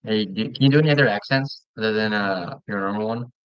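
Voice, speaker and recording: A man chatting casually while playing a game with a friend, relaxed and talkative, often stumbling and restarting his sentences. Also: fairly low pitch, quick pace, clean tone, dry recording, lo-fi sound. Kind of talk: casual gaming chat.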